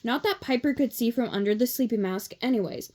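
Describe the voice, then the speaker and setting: Woman narrator, storybook read-along, fairly high voice, steady reading, occasional small stumbles. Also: brisk. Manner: steady reading with small slips and self-corrections. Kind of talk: reading a children's novel aloud.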